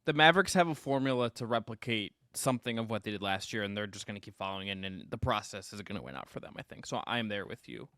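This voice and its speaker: A man co-hosts a casual basketball podcast in a bright, forceful voice, talking fast and often tripping over his own restarts. His voice is dry and close on the mic. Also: fairly low pitch, no room sound. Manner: animated, quick, stumbles into restarts. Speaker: podcast co-host. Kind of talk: casual sports podcast chat.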